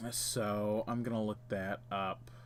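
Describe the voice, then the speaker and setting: A man's voice: fairly low pitch, flat delivery, slow pace, a little hiss or hum. A man hosting a game stream, chatting casually and reading the game's text aloud while muttering to himself as he plays.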